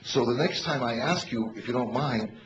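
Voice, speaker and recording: An older man giving a funny motivational talk on stage to a live audience, animated and storytelling. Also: medium pitch, normal speed. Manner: animated storyteller, bursts into shouts to rouse the crowd. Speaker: motivational comedian. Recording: echoey, dull live hall recording with noise.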